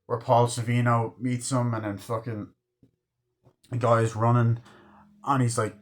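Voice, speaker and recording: Brief: young male movie fan, casual and sweary, middle-pitched, rambling with lots of fillers. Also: little pitch movement, measured pace. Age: 20s. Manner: rambling, profane, enthusiastic. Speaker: movie reviewer. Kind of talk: casual chat.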